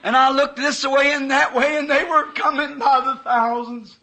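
A man's voice: very high-pitched, steady tone, normal speed, pushed and bright, rough recording. A man preaching a sermon, telling a vision with emotional, fervent quoted dialogue.

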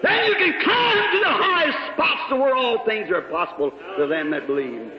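A man preaching a revival sermon, fervent, swinging between loud shouts and hushed lows. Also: big pitch swings, moderate pace, crowd noise. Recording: echoey hall, lo-fi old tape.

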